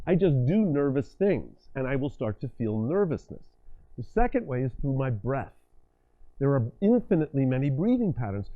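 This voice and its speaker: On a dull lo-fi lecture recording, a middle-aged workshop speaker and communication coach directs his audience through exercises. His mid-range voice is animated and commanding, and he acts out states using his voice and body.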